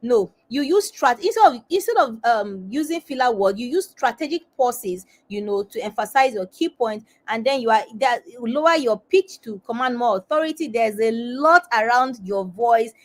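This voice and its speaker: A woman's voice: a little high, expressive, moderate pace, few pauses. A woman hosting a live webinar as a confidence coach, talking straight to her viewers and repeating phrases for emphasis.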